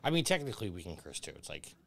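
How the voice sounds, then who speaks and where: A man's voice: deep voice, big pitch swings, racing, creaky, a bit bright. A man hosting a game stream, rambling casually through gaming talk and chuckling often. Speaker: streamer host.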